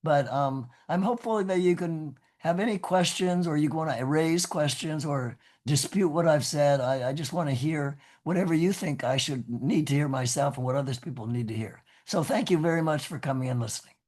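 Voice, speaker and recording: A man's voice: on the high side, moderate pace, few pauses, darkish tone. A man with a scratchy voice, a professor giving a rambling, earnest talk on a video call, with frequent restarts and "you know". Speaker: guest speaker, professor. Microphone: video call microphone.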